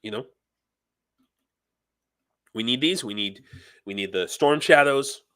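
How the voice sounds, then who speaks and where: A man's voice: medium pitch, moderate pace, sharp tone, smooth. Fired-up man ranting on a news livestream. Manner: passionate, ranting, reads viewer comments aloud. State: heated. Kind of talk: live commentary on war news.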